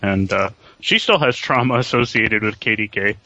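Blunt, bright-voiced man on radio. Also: fairly low pitch, moderate pace, dry recording, lo-fi sound. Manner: blunt, swears freely. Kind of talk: casual radio chat.

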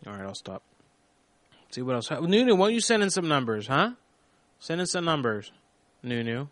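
A man's voice: a little high, lively intonation, normal speed, a bit bright, no room sound. Rambling profane man hosting a live stream. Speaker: host of a call-in prank show. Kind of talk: casual live-stream talk.

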